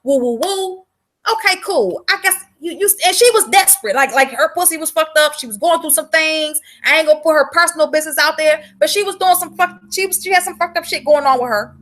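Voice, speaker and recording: High, bright-voiced woman ranting bluntly. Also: fast, hardly any pauses. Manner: blunt, profane, fired-up; repeats words for emphasis. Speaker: vlogger selling herbal products. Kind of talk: casual livestream rant.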